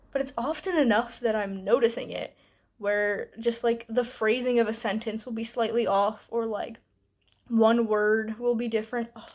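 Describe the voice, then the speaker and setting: Young female book vlogger, slightly high-pitched, candid and chatty with lots of fillers. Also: darkish tone. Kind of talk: casual book review vlog.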